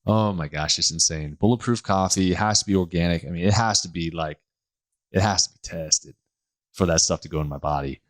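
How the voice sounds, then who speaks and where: Low-voiced male podcast host, lively and jokey, solo monologue. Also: a little fast. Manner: animated and joking, laughs often, acts out quoted people. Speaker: podcast host, health practitioner.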